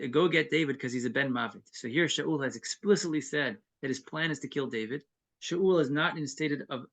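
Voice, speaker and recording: A man's voice: mid-range voice, creaky, a bit bright. A man teaching an evening text-study class, reading Hebrew verses and then explaining them earnestly. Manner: earnest and explanatory, with brief chuckles.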